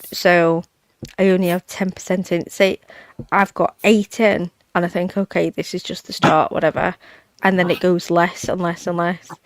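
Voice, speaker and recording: A woman's voice: fairly low pitch, level tone, moderate pace, dry recording. A woman, chatting bluntly and casually on a talk panel and laughing often. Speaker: panel guest. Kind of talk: casual chat.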